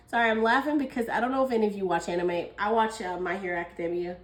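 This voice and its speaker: A woman's voice: medium pitch, steady tone, fast talker, poor audio. A woman giving a casual tarot reading, chatty and thinking aloud, with fillers and frequent small laughs. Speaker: tarot reader.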